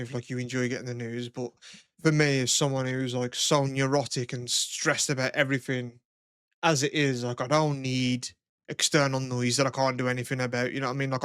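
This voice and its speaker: A man's voice: medium pitch, clean tone, dry recording, clean studio sound. A young man, co-hosting a podcast in casual chat, rambling and swearing freely as he tells stories. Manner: rambling, swears a lot, animated retelling. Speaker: podcast co-host.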